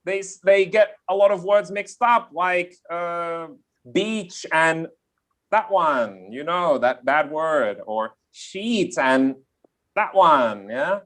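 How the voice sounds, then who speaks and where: A man from Australia with a softened Australian accent, an English teacher explaining pronunciation in a live online class, often checking in with "yeah?". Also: fairly high pitch, animated, slow pace. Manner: explanatory, repeats key points, checks in with "yeah?".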